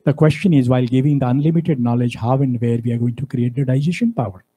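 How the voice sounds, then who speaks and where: A man delivers a university lecture. His voice is mellow and husky, and he presses his points hard, stopping often to ask the audience rhetorical questions. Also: mid-range voice, fast, rough recording. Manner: emphatic, preachy, fond of rhetorical questions. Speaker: guest speaker.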